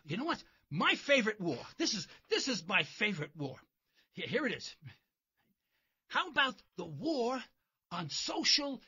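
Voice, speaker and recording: A man's voice: high voice, bright, forceful tone, husky, highs cut off. A man hosting a talk radio show, delivering a sarcastic, mocking monologue from his car while driving. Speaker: radio host.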